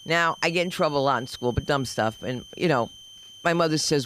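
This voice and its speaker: A woman doing stand-up comedy on a club stage, telling stories in a lively, swooping way and throwing in shouted sound effects. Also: deep voice, fairly quick, a little hiss or hum, low-quality recording.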